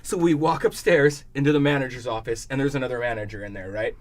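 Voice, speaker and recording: A man's voice: mid-range voice, fast talker. A young adult man on a podcast, telling a story in casual chat. He swears freely and acts out the other people's lines as he goes. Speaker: podcast co-host.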